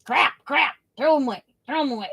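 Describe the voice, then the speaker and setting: A woman's voice: high voice, a little fast, gravelly, a bit bright, pitched above the performer's own voice. A woman voicing a blunt old German man who scoffs at cheap scissors and repeats himself in broken English. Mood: scoffing.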